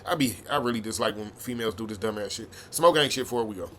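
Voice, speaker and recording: A man's voice: lowish voice, fast, sharp tone. A man hosting a reaction video, giving blunt, profane, heated commentary.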